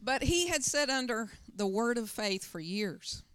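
A woman's voice: on the high side, lively intonation, measured pace, fairly bright tone, clean tone, dry recording, studio quality. A middle-aged woman pastor preaching a sermon, telling stories with emphatic, urgent bursts. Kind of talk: sermon with personal storytelling.

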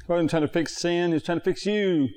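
A man preaching a sermon to his congregation, repeating phrases for emphasis and jumping up in pitch on his key points. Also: quick pace, darkish tone. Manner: talks straight to the congregation. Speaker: pastor.

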